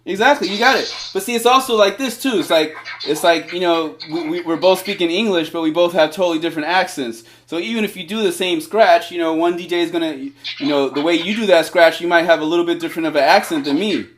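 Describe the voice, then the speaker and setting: A man's voice: a little high, fast talker. A man with a slightly raised voice coaches a student through scratch techniques on a phone video call. He is upbeat and encouraging, piling up "um"s, "like"s and restarts as he explains. A faint hiss of noise sits under his voice. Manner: eager and encouraging, full of fillers and restarts. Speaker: DJ scratch teacher. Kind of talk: casual one-on-one instruction over a video call. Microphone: cellphone on a video call.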